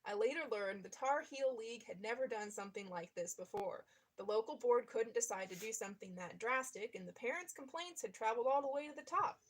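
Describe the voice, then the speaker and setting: A woman with a somewhat high voice reads a memoir aloud at an even, steady pace. She now and then breaks off to react to the text in a casual, chatty way before going back to reading. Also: brisk. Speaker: reader.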